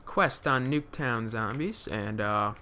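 Young guy rambling thru a zombie game, lots of uhs, bright voice, jumpy and swearing when stuff jumps him. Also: mid-range voice, unhurried, slight background noise. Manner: rambling, many fillers and restarts. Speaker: gaming commentator. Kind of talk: live gameplay commentary.

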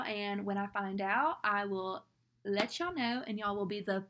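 A young woman with a lilt chats casually to her camera, with her voice sitting at a middling pitch. She rambles and second-guesses herself, and nervous laughs slip out between thoughts. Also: a little slow, a bit bright. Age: young adult. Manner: anxious, rambling and self-doubting, with nervous laughs. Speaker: vlogger. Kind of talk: casual vlog talk to camera.

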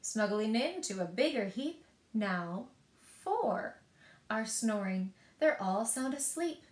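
Slow, rhythmic woman reading aloud. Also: a little high. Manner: rhythmic, expressive read-aloud. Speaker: librarian. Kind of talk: reading picture books aloud. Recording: echoey room.

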